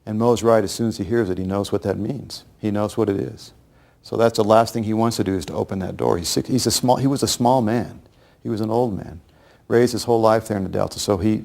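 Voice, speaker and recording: A man telling a true story to listeners in a grave, measured way. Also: on the low side, gravelly, a little mellow. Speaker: speaker recounting history. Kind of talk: storytelling lecture.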